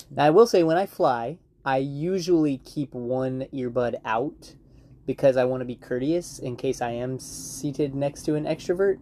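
A young married man in casual chat, playful and teasing, speaking deliberately. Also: medium pitch, warm tone.

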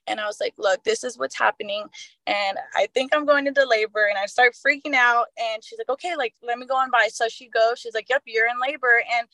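A woman's voice: on the high side, fairly bright tone, dry recording, rough recording. A young adult woman telling a personal faith story in a casual, earnest way, with many fillers and restarts. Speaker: guest sharing her testimony.

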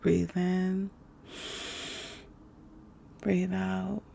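A woman with a low, dark, deeply gravelly voice gives an unhurried self-help talk. She is casual and slangy, leans on fillers, and drops to a soft whisper when she demonstrates breathing exercises. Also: monotone, a little hiss or hum. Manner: laid-back and slangy, with many fillers.

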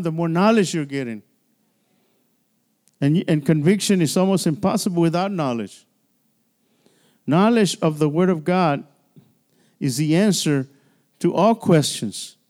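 A pastor with a fairly high, a little mellow voice preaches at normal speed during a midweek service in a church sanctuary, pausing often. The sermon is conversational, marked by frequent restarts and call-and-response.

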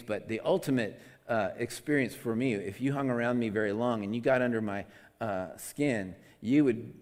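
A man preaching a conversational sermon into a microphone, candid and self-deprecating, with lots of restarts, swinging between loud and soft. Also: fairly low pitch, long reverb tail. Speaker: pastor. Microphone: amplified microphone.

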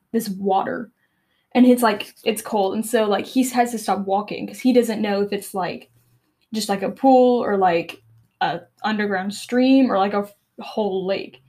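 A woman's voice: medium pitch, a little mellow. A woman podcast host casually retelling a novel and reading passages aloud, chatty and full of fillers. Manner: chatty, filler-heavy with frequent laughs.

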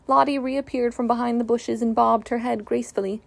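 A woman reading a children's storybook aloud in a gentle, even way. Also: a little high, fairly quick, creaky, few pauses, no echo.

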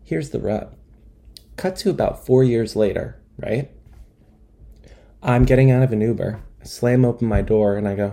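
A man's voice: mid-range voice, animated, measured pace, pauses often, warm tone. A young man telling a comic monologue in a rambling, self-deprecating way with wry asides. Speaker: comedian. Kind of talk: stand-up style comic monologue.

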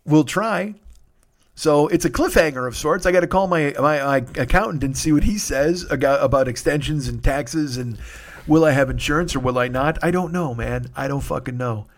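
A man hosting a podcast, telling a rambling, self-deprecating story in casual monologue and swearing freely, with sudden loud outbursts. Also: fairly high pitch, normal speed. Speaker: podcast host.

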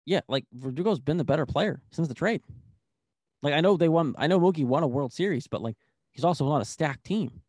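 A young man co-hosting a casual sports chat, excitable and rambling, full of "like". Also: on the high side, fairly quick, no room sound, studio quality. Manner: excitable, rambling, heavy use of "like". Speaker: sports podcast co-host.

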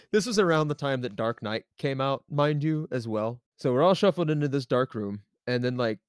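Young male podcast co-host, lively, rambling storyteller, laughs a lot, dry voice. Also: medium pitch, moderate pace, clear, resonant tone, no room sound. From American South. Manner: animated, laughs often, many fillers. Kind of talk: casual storytelling chat.

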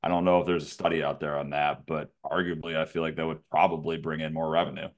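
A man with a very deep voice co-hosting a casual podcast. He talks bluntly, teasing his co-host and cursing freely as he makes his points. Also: flat delivery, quick pace. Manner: blunt, joking, swears freely. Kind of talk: casual chat.

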